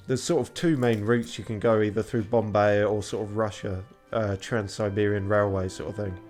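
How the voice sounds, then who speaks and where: A man's voice: on the low side, fairly even intonation, normal speed, a little mellow, soft background music. Tired young man streaming a game. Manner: tired, chatty, swears casually. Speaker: streamer playing a video game. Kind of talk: casual commentary.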